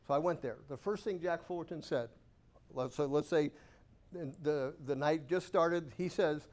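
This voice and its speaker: Animated man telling stories to a live audience. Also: fairly high pitch, a little slow. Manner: animated, self-amused anecdotes with rhetorical questions. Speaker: guest speaker at a real estate investor club. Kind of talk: storytelling keynote talk.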